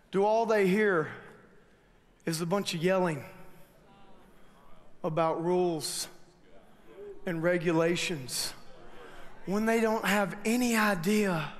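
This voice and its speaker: High-voiced animated male preacher. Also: slow pace, long pauses. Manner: animated storytelling with frequent restarts. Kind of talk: sermon. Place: large church hall. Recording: long hall reverb, faint noise.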